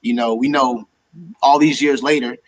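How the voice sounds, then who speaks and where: Guy guesting on a chat, relaxed, folksy, lots of "you know". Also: medium pitch, moderate pace, poor audio. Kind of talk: casual conversation.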